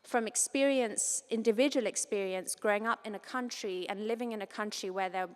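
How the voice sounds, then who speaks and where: A woman from Cyprus giving an academic conference talk, lively and informal, with quick asides and quoted voices. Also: medium pitch. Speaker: conference speaker. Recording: long reverb of a large hall.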